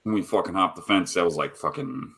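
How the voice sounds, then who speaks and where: A man's voice: deep voice, fairly quick, sharp tone, slight background noise. A man chatting casually on a live stream, rambling and swearing constantly as he tells stories. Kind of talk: casual chat. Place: home, rolling a cigarette.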